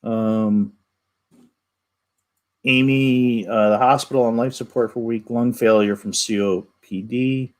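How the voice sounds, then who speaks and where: Stream co-host, man, mid-pitched, dry and unhurried comment reader. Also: steady tone, darkish tone. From United States. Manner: dry, low-key, reads comments aloud. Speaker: co-host reading chat comments. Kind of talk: live Q&A stream chat.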